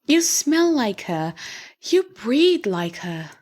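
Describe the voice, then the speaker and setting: A woman's voice: on the high side, sing-song, slow pace, a little mellow, heavily acted. A woman voicing a nervous, clumsy young rich man who is lovesick, in an audio storybook.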